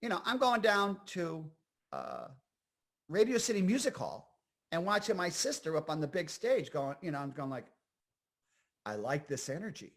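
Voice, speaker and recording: Animated high-voiced man telling stories. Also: moderate pace. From Scranton, Pennsylvania. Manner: animated, rambling, full of fillers and asides. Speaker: guest, actor and comedian. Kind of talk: casual interview storytelling.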